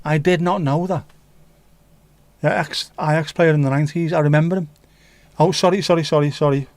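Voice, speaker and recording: Brisk and fairly even in intonation, an English man's darkish, higher-pitched voice carries his livestream on a dry recording. He keeps things casual, reading out viewer comments amid rambling jokes and frequent swearing.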